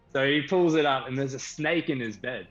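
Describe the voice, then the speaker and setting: Aussie guy telling a story all excited, a bit muffled stream audio, music quiet in the back. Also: mid-range voice. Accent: Australian. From Australia. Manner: animated, enthusiastic storyteller. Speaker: band member guest. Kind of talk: casual storytelling. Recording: slightly dull stream audio with faint music.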